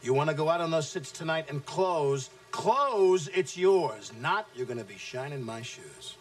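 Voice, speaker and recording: Brutal sales trainer, contemptuous and loud, slightly raised pitch. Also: male voice, animated, a little slow. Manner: aggressive, taunting, swings between shouting and low menace. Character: brash, abusive male sales trainer. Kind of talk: film acting.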